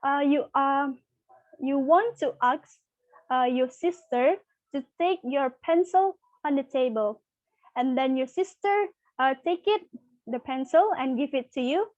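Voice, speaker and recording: A young woman teaching a lesson, speaking haltingly with many fillers and restarts. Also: high-pitched, lively intonation, darkish tone, no room sound. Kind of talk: microteaching English lesson. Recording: dull, lo-fi dry recording.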